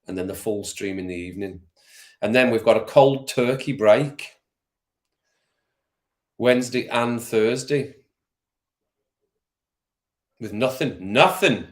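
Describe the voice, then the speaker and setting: A man's voice: medium pitch, slow, long pauses. A man hosting a casual football watch-along stream, chatting with viewers by name and laughing often. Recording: roomy echo.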